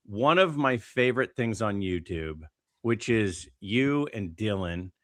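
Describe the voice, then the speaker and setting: A man with a lowish voice that swings widely in pitch, chatting on a podcast. He tells stories with many "like"s and restarts, recorded dry and close to the mic. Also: dry recording. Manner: animated, storytelling with many fillers. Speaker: podcast co-host. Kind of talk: casual podcast chat.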